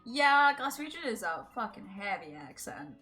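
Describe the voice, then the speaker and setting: Bright-voiced Scottish woman streamer. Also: fairly high pitch, very animated, normal speed, faint music behind. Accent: Scottish, between Edinburgh and Glasgow. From Scotland. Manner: chatty, swears freely, laughs often. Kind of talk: casual live-stream chat while gaming.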